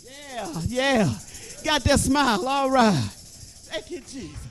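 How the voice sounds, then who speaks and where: Very high, bright-voiced fervent older preacher man. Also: sing-song, slow. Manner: fervent, exhorting, builds to shouting. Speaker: church preacher. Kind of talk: preaching sermon.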